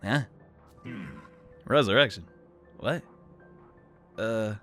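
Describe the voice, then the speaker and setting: A man's voice: on the low side, very slow, bright, forceful tone, soft background music. A young man casually commenting on his gameplay, joking and exclaiming, with rambling asides. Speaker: let's play host.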